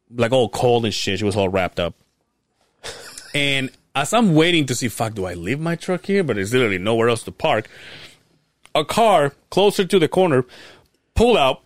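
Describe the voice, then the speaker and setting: A man's voice: medium pitch, no echo. A young man co-hosting a podcast, telling a long casual story full of swearing and quoted voices. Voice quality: profane, animated retelling with quoted voices. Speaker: podcast co-host.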